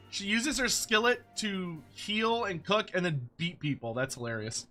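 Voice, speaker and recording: A man chatting casually with his live-stream audience while playing a game, animated and swearing freely. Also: a little high, moderate pace, faint music behind.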